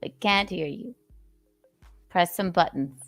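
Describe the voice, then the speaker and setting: A woman's voice: lowish voice, slow pace, a bit bright, soft background music. A woman hosting a casual live chat, teasing and doing jokey bits. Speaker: host.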